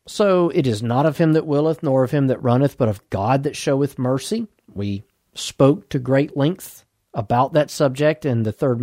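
Mellow-voiced man teaching doctrine. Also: medium pitch, no echo, clean studio sound. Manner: measured, emphatic, leans hard on key words. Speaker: podcast Bible teacher.

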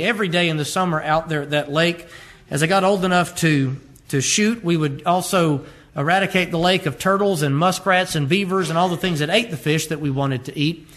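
High-voiced man preaching a sermon. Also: fairly bright tone. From rural upbringing with a catfish pond. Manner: conversational preaching with rhetorical questions. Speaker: pastor.

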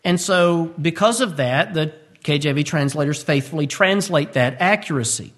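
A man's voice: fairly high pitch, moderate pace, a bit bright. A man, preaching a verse-by-verse sermon, earnest and emphatic with humorous asides. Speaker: pastor.

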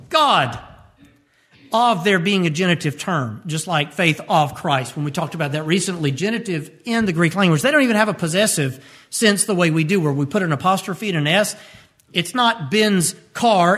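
High-pitched guy pastor doing a radio sermon, punchy, says stuff twice for emphasis. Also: a bit bright. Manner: emphatic preaching, repeats key phrases, pitch leaps up when stressing points.

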